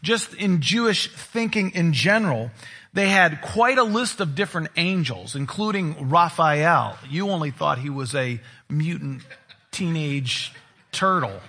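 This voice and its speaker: Male pastor, sermon, emphatic teaching, husky slightly high voice. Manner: expressive, emphatic Bible teaching with dramatic pauses.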